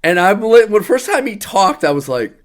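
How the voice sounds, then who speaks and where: A man's voice: high-pitched, sing-song, brisk. A young adult man co-hosting a casual podcast, reviewing a movie in an exasperated, sarcastic rant. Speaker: podcast co-host.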